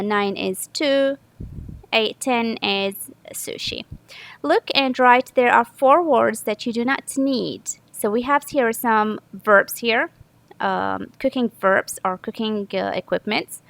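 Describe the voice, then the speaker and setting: A woman from Saudi Arabia teaches English grammar, explaining patiently one step after another and correcting herself often. She has a mid-range, gravelly, slightly bright voice, captured in a rough recording.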